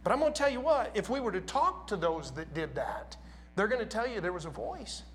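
A man's voice: high-pitched, big pitch swings, fairly quick, a little hiss or hum. A man preaching a sermon in a church, talking casually and asking his congregation questions.

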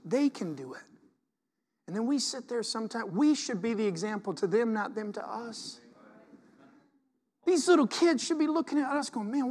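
A middle-aged pastor delivers a sermon in a high, lively male voice. He reads scripture aloud and moves from soft asides to loud bursts of preaching. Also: big-room sound.

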